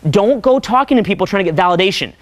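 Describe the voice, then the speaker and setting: A young man coaching a seminar audience in a profane, animated way, often acting out voices. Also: high-pitched, quick pace, no echo. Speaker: dating coach. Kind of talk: seminar talk.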